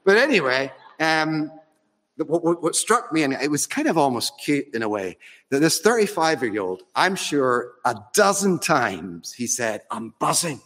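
Man, preacher, sermon, conversational storytelling, very animated pitch, long church reverb. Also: normal speed. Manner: storytelling, conversational with fond humour.

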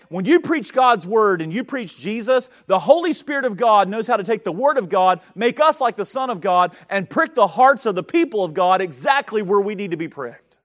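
High-voiced preacher from North Carolina. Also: male voice, fairly bright tone. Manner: storytelling preacher, builds to emphatic swells. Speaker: pastor. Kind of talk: sermon.

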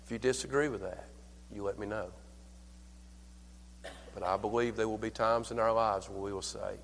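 An older man preaching a sermon at a church service. He tells folksy stories, calls for amen, and swings from hushed lines to loud, fervent preaching. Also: on the low side, fairly even intonation, normal speed, long pauses, big-room sound, slight background noise. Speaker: pastor.

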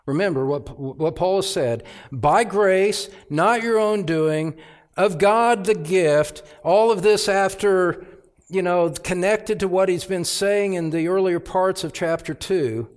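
Man preaching in a church, slightly high voice, slow deliberate pace, emphatic, hushed then loud. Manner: emphatic, swings from hushed to loud, repeats phrases. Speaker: pastor. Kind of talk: expository sermon. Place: church sanctuary.

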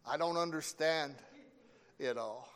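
A man preaching a sermon, slow and emphatic, with dramatic pauses between phrases. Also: fairly high pitch, fairly bright tone.

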